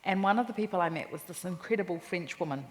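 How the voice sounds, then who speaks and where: A woman with a New Zealand accent, a cookbook author telling lively anecdotes in a stage interview at a live festival talk. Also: on the low side, quick pace. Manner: animated anecdotes with quoted voices and laughter. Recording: reverberant hall with faint noise.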